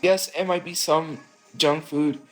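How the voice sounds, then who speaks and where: A woman's voice: low voice, steady tone, unhurried, soft background music, poor audio. A woman streamer talking in a rambling, emotional, confessional way. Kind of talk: casual rambling stream talk.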